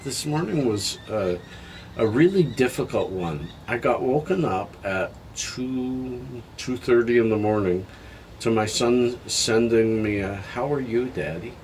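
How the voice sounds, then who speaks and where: An older man talking candidly in a personal vlog, halting and heartfelt, sounding tired and emotional. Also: mid-range voice, animated, darkish tone, a little hiss or hum. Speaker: health vlogger.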